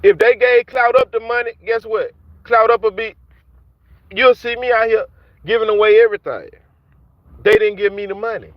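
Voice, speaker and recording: Here the rapper-ranting vlogger speaks in a high voice at a moderate pace, pausing often as he heatedly mocks and taunts those he calls out on camera. His street talk is repetitive, and the dry, dull lo-fi recording has no echo.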